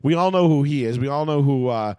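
A man ranting in casual sports chat as a podcast co-host, profane and animated. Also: mid-range voice, a little fast, clear, resonant tone, dry recording, studio quality.

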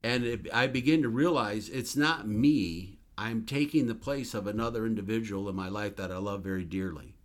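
A man's voice: on the low side, moderate pace, few pauses. A man who is a minister, sharing a religious testimony in an earnest, emphatic storytelling manner.

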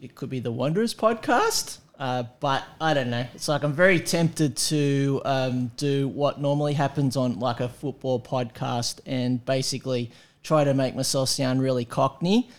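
A man's voice: medium pitch, moderate pace. A man hosting a podcast, chatting casually with wry humor and many fillers. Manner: rambling, filler-heavy, wry. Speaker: podcast host.

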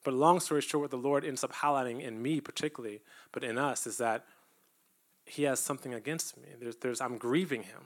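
A man's voice: medium pitch, fairly even intonation, brisk. A man giving a testimony-style sermon to a church, talking earnestly and conversationally and at times building up to emphatic preaching. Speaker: church speaker.

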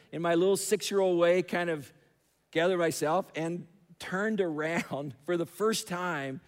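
A man preaching a sermon, telling a story with emphatic repetition, in a large church hall. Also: on the high side. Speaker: pastor. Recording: long hall reverb.

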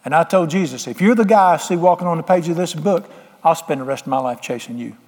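A man's voice: fairly high pitch, animated, fast talker, darkish tone, long reverb tail. A man preaching a sermon, folksy, plain-spoken and emphatic with homespun sayings. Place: church sanctuary.

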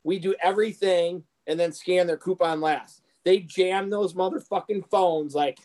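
A man with a notably high voice venting about difficult customers in a relaxed podcast chat. His delivery is blunt and full of swearing. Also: moderate pace, slight background noise, rough recording. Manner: blunt, profane ranting. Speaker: podcast co-host, shoe store worker. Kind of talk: casual chat.

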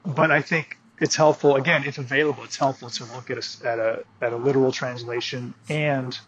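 A man's voice: mid-range voice, fairly even intonation, brisk, fairly bright tone, lo-fi sound, a little hiss or hum. Hesitant male interview guest. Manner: hesitant, many restarts, friendly. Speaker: guest, riding and martial arts instructor. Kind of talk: conversational interview.

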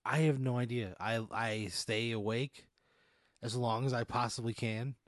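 A man playing along in an improvised comic story, with incredulous, profane deadpan reactions. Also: medium pitch, measured pace, no echo, studio quality. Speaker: player. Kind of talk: improvised comedic play.

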